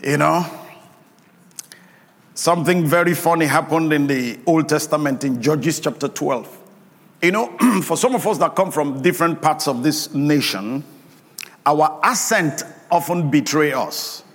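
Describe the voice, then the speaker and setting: Preacher, male, high voice, emphatic and drawn-out, ringing hall reverb. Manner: emphatic preaching with call-and-response to congregation. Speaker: pastor. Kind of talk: sermon.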